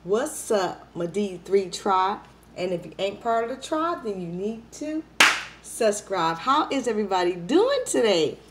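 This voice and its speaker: A young adult woman chatting casually to her viewers in an eating vlog, lively and playful, wired up on coffee. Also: mid-range voice, unhurried, heavy background noise. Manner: lively, chatty, playful, says y'all a lot. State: hyped up on coffee. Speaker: mukbang vlogger.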